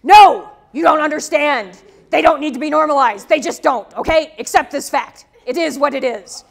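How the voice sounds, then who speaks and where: A woman voicing an insistent male scientist who bluntly brushes off a questioner, speaking loud and quick. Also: very high voice, vocal fry, full character voice. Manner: blunt, impatient, emphatic.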